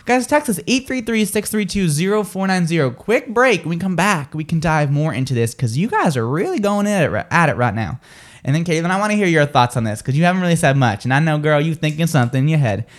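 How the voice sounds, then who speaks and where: A man hosting a morning radio show, animated and laughing as he reads listener texts aloud. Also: a little high, fast talker. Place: radio studio.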